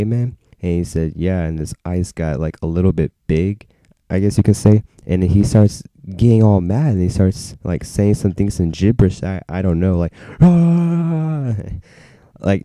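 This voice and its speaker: Young male vlogger, deep mellow voice, rambling storyteller, dry close sound. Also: no echo. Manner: rambling, filler-heavy, frequent restarts. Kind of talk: casual storytelling to camera.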